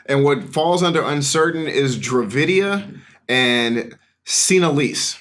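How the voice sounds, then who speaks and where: Lively-voiced man hosting a comedy podcast. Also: fairly high pitch. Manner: halting, repeats words, leads the topic. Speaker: podcast co-host. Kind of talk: casual comedic podcast chat.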